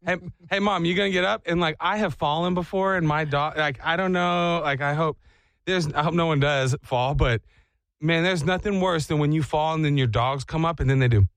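A man's voice: fairly high pitch, moderate pace, fairly bright tone, clean tone, no room sound. A man hosting a morning radio show, joking playfully and slipping into silly voices. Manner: playful, acts out silly dog and owner voices.

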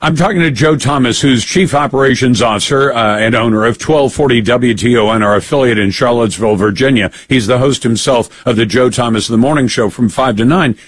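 A man's voice: mid-range voice, a little fast, hardly any pauses, slightly rough, no echo. A man hosting a political talk radio show, emphatic and fond of rhetorical questions.

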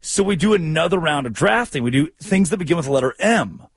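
A man hosting a sports talk show, telling stories in animated, jokey, rambling banter. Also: on the high side, fast, husky, dry recording. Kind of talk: casual comedic radio banter.

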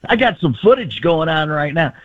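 A man voicing a brash, excitable middle-aged male football coach who gushes in punchy bursts. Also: a little high, normal speed, dry recording, narrow, tinny audio. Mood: gushing.

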